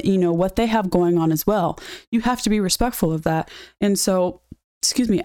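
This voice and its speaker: A woman's voice: on the low side, warm tone, dry recording, studio quality. Blunt, swearing young woman venting. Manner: candid and blunt, swears freely. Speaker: podcast host. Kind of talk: casual personal vent.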